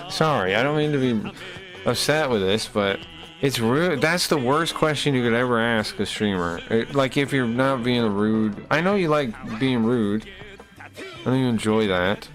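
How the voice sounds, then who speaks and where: A male streamer talks at a middle pitch, riffing to his chat in loose, swearing rants that cut off and start over. Faint music plays under his voice throughout. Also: lively intonation, unhurried, fairly bright tone. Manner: rambling, profane, self-interrupting rants. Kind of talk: casual live-stream chat.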